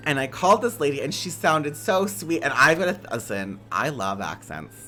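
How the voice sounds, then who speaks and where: A man from Canada hosting a stream interview, telling stories in an animated, campy way with a lot of likes. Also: a little high, normal speed. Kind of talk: casual chat.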